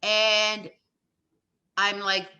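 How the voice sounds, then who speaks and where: A woman's voice: mid-range voice, little pitch movement, drawn-out words, pushed and bright, smooth, highs cut off. A middle-aged woman, an interview guest, telling an emotional personal story and acting out the dialogue with emphatic repetition. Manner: retells events with quoted dialogue and emphatic repetition.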